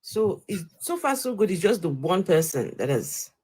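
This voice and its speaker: A woman with a fairly low voice hosts the interview. She cuts in to check facts and press her guest for names and evidence. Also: sing-song, normal speed, a little mellow, husky. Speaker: interviewer host. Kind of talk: interview questioning.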